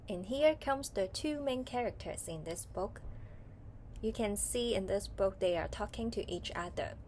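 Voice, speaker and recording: A woman's voice: medium pitch, animated, normal speed, darkish tone, a little hiss or hum. A woman with a Hong Kong English accent teaching a children's online English reading lesson, patient and asking questions. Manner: patient, asks questions and waits.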